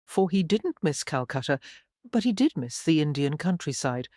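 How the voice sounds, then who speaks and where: An audiobook narrator giving a measured, even scripted reading of a romance novel. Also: mid-range voice, no echo, studio quality.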